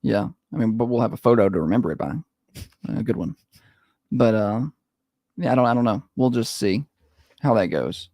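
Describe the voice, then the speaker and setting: Guy on morning radio, gravelly voice, lots of ups and downs, dry teasing storyteller. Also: lowish voice, lively intonation, normal speed, pauses often, a little mellow, no room sound. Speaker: radio morning show co-host. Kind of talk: casual chat. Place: radio studio.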